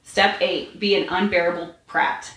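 A woman podcast host reading fan fiction aloud in a steady, plain way. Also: lowish voice, unhurried. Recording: roomy echo, faint noise.

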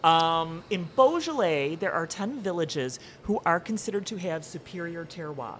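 A woman's voice: lowish voice, lively intonation, normal speed, a little hiss or hum. A woman guest on a casual podcast, explaining wine in detail and laughing easily.

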